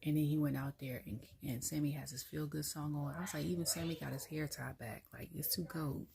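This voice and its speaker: A woman's voice: low voice, fairly even intonation, brisk, gravelly, noisy background. A woman reviewing wrestling in a casual solo rant, chatty, acting out quotes and laughing often.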